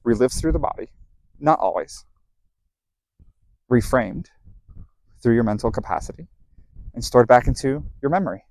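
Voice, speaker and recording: A man's voice: mid-range voice, expressive, moderate pace, pauses often, darkish tone, no room sound, poor audio. A man giving a heated, blunt, profanity-laced motivational talk about emotional processing. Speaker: self-help speaker. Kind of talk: motivational monologue.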